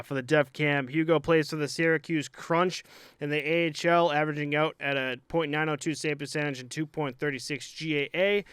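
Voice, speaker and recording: A young guy co-hosting a casual hockey podcast, talking loosely with plenty of fillers and cursing. His voice is clear and smooth, recorded dry and close with no room sound. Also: a little high, fairly bright tone, no room sound. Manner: loose, profane, rambling with many fillers. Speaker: podcast co-host; hockey goalie.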